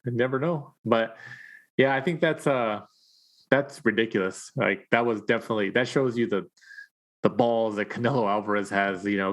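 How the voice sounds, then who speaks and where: A man co-hosting a boxing podcast, chatting casually and acting out quotes in his stories. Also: mid-range voice. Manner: chatty storyteller, acts out quotes, laughs often. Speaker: podcast co-host.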